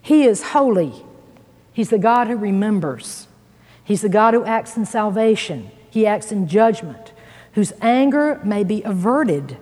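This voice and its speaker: An earnest woman teaches scripture in a sermon, leaning hard on key words. Her husky voice swings widely in pitch. The sound rings with the long reverb of a church hall. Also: expressive, unhurried, a little mellow. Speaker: Bible teacher.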